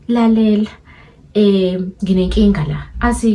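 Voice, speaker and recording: Animated young South African woman storyteller. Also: fairly low pitch, quick pace. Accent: South African English with Zulu. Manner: animated, mixing English and Zulu, acting out dialogue. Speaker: storyteller vlogger. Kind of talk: casual storytime.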